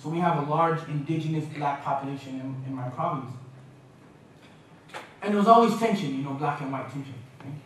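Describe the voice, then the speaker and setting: A man from Canada giving a humorous, lively lecture at a university, with playful impressions of accents. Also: on the high side, a little fast, slight background noise. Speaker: guest speaker. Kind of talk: lecture with jokes. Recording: echoey hall, mic from a distance.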